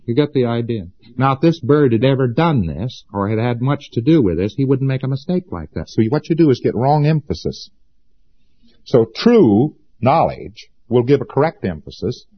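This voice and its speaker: A man's voice: medium pitch, lively intonation, normal speed, dull audio. A man giving an informal lecture to students, folksy and sarcastic, hammering points home by repeating them. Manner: folksy and sarcastic, with emphatic repetition.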